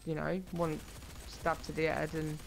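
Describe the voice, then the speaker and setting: Gravelly-voiced chatty podcast guest. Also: medium pitch, completely flat delivery, a little slow, a little hiss or hum. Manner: chatty, argues with lots of fillers. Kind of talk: casual chat.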